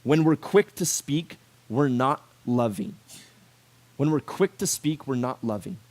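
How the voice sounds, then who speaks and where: A man preaching a casual youth sermon to high schoolers, animated and conversational, full of rhetorical questions and filler words. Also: unhurried. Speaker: youth pastor.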